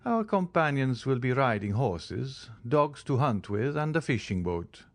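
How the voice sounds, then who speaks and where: A man voicing a composed, mysterious aristocratic count in an audiobook, speaking in a measured, courteous way. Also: medium pitch, sing-song, no echo. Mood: calm. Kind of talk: audiobook character reading.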